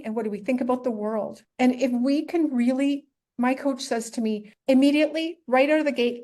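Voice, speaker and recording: A woman's voice: sits high, warm tone. Earnest middle-aged woman, rhetorical questions. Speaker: podcast guest, entrepreneur. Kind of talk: candid interview answers.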